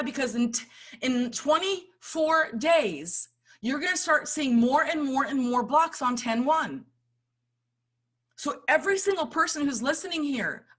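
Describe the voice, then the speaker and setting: A middle-aged woman giving an impassioned motivational talk, swinging between loud urging and hushed storytelling. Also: high-pitched. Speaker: summit speaker.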